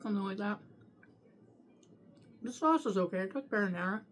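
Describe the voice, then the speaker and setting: A woman's voice: medium pitch, lively intonation, fairly quick, slight background noise. A woman reviewing takeout food on camera in a casual, profane way, talking while she eats and ranting freely. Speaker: food vlogger.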